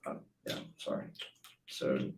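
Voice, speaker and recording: Young man, mellow voice, echoey room. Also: slow pace, a little hiss or hum. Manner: loose, hesitant, steers the talk. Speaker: podcast co-host. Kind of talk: casual sports chat. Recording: echoey room, mic at a distance.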